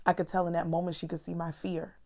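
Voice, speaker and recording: A vlogger and mother speaks to her viewers in a lowish, level, slightly mellow voice at a quick pace. Her reflective personal talk is candid, earnest and conversational, sprinkled with "honey" and "girl."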